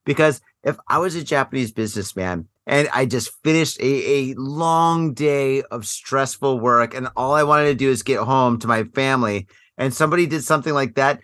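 A man's voice: medium pitch, normal speed, few pauses, sharp tone, no echo, studio quality. A man co-hosting a casual news podcast, telling a story bluntly with heavy swearing. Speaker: co-host.

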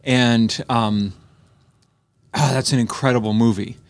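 A man's voice: mid-range voice, steady tone, unhurried. A man co-hosting a casual movie podcast, rambling through stories and acting out bits of dialogue. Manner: rambling storyteller with frequent restarts, acts out dialogue. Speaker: podcast co-host. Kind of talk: casual chat reviewing a movie.

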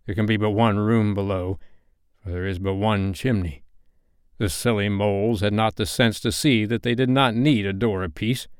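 A man puts on a sinister pirate captain in a storybook reading, drawing out his words in a low, dry voice. He sounds menacing and pleased with himself. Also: smooth, no echo. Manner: slow gloating through the teeth.

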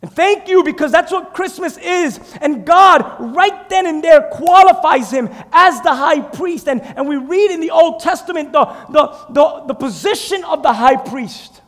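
Fervent high-voiced male preacher. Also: lively intonation, unhurried, hardly any pauses. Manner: fervent, swings from shouting to hushed. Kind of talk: sermon. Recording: long reverb in a large hall.

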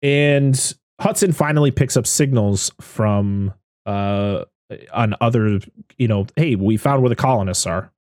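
A man's voice: lowish voice, unhurried, darkish tone, dry recording, studio quality. A man casually recapping a film on a podcast, laughing often and acting out the characters' lines. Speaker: podcast co-host. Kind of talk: casual movie recap chat.

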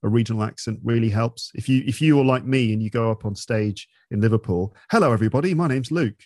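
Middle-aged male podcast host; relaxed explainer, low-pitched, dry close sound. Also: brisk, no room sound. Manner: chatty, explanatory, with restarts. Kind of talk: casual interview chat.

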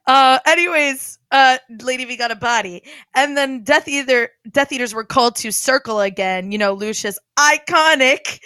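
Young woman co-host, lively chatter, high and crisp, very dry mic. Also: moderate pace, few pauses, dry recording. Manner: animated, giggly, fillers like "like". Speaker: podcast co-host. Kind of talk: casual chat.

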